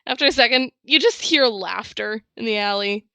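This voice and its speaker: A woman narrating a tabletop game as game master, in a casual way with quiet asides. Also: a little high, moderate pace, creaky, smooth, no echo.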